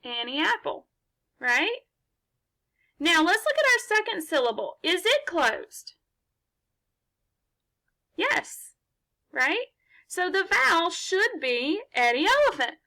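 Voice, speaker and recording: Slow, bright-voiced woman teaching phonics. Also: very high-pitched, very animated. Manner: slow, patient, encouraging, asks and answers her own questions. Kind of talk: remote phonics lesson for young children. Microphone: laptop mic.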